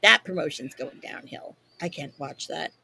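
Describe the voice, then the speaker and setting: A woman co-hosting a wrestling podcast, chatting casually with lots of swearing and rambling, animated stories. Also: low voice, normal speed, gravelly, a little hiss or hum. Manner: profane, rambling, animated storytelling. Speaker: podcast co-host.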